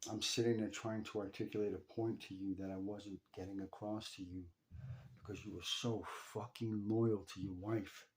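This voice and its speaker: A man speaking straight to his father in an emotional personal story, intense and profane, halting and repeating himself. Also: on the low side, little pitch movement. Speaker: son telling a personal story. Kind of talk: emotional first-person address.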